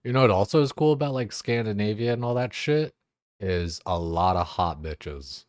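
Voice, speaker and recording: A man's voice: on the low side, lively intonation, normal speed, no room sound, studio quality. A young man streaming a game, chatting casually in a crude, rambling way full of fillers and swearing. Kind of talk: casual chat while gaming.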